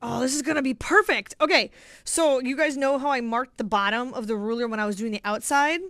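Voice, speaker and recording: A middle-aged woman with a bright, slightly high voice chats away to her livestream viewers, greeting them by name and cheering over her own progress. The sound is dry and close, with no room in it. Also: a little fast, dry recording. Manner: bubbly, chatty, talks to viewers by name. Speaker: quilting livestream host. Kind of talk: casual livestream chat while sewing.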